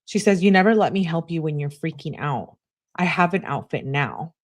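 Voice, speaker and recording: Expressive and at a normal pace, a low-voiced young woman reads aloud texts from a true crime case, adding quick comments of her own between messages.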